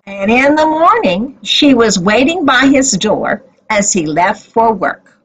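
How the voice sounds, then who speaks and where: A woman telling a Bible story to children as a teacher, with expressive storytelling. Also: fairly high pitch, slow pace, slightly rough, low-quality recording.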